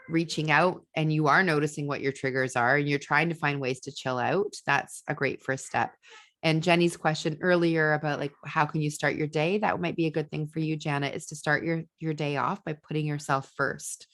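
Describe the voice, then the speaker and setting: A woman hosting a podcast, giving casual parenting advice with fillers and restarts, acting out venting voices. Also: deep voice. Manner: animated, acts out venting voices. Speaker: podcast host and ADHD parenting coach.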